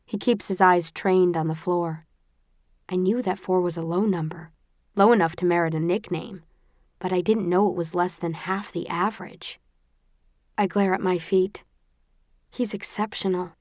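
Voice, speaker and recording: Lady reading a first person audiobook, lowish voice, dry sound, tense expressive telling. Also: no echo. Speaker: audiobook narrator.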